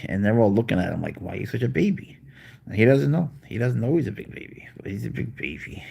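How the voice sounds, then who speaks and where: A man's voice: lowish voice, creaky, darkish tone, breathy edge. A man hosting a live stream about his pet, chatting casually and rambling through answers to viewers' questions.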